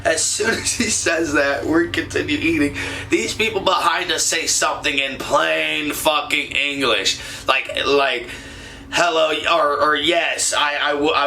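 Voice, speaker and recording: A man's voice: on the high side, pushed and bright, slight background noise. A young man casually telling a rambling, profane story, laughing often as he goes. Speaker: podcast host.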